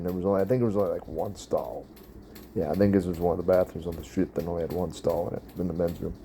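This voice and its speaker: A man's voice: low-pitched, steady tone, quick pace, dark tone, slightly rough. Rambling man telling a bathroom story. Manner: rambling, laughs at his own story, talks to viewers. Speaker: vlog host. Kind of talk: casual storytelling monologue.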